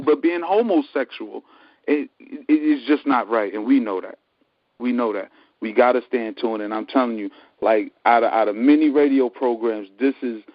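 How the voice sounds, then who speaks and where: A man's voice: mid-range voice, no echo. A man calling in to a radio show who speaks earnestly and repeats himself. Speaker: caller. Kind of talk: call-in radio talk. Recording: dry lo-fi radio sound.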